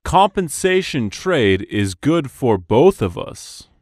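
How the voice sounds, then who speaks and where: Slow, expressive man reading business dialogue. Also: medium pitch, no echo, studio quality. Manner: slow, careful, clearly enunciated delivery. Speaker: dialogue reader for English practice.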